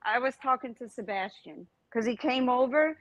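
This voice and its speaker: A woman's voice: a little high, animated, moderate pace, highs cut off, crowd noise. A woman chatting casually on a livestream, friendly and talkative. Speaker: co-host.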